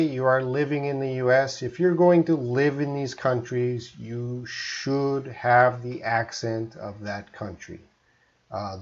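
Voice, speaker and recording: Canadian man, English teacher, live-stream lesson, chatty, mid-pitched voice, slightly dull lo-fi audio. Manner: chatty, reads viewer comments aloud.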